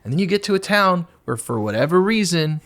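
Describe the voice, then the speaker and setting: A man in his forties with a slightly high voice, talking candidly as a podcast guest. His pitch swings widely as he speaks, and he breaks into exaggerated mock voices to make a point. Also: fairly quick. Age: 40s. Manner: animated, puts on high mock voices to act out asking for attention. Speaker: guest musician.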